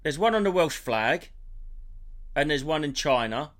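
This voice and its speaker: A man's voice: fairly high pitch, a little slow. A man co-hosting a casual podcast, rambling playfully through odd theories. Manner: animated, rambling, playful conspiracy musing. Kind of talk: casual chat.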